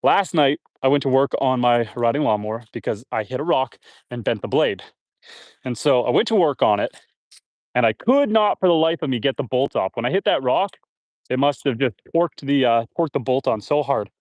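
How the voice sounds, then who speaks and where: Chatting casually on a livestream, a homesteader waters his trees outdoors and rambles to his viewers and animals. He talks briskly in a mid-range, slightly mellow voice with lively intonation, and there's no echo.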